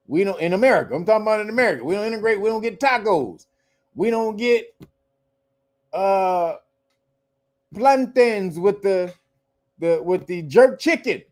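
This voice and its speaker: Man, high-pitched voice, show host, casual rant, laughs a lot, swears freely. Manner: animated, laughing often, profane. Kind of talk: casual livestream commentary.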